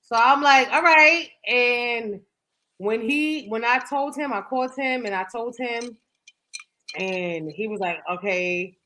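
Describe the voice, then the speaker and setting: A young podcast co-host speaks slowly in a slightly high, sharp voice as she tells a dating story in candid, profane chat full of "like." The audio is poor.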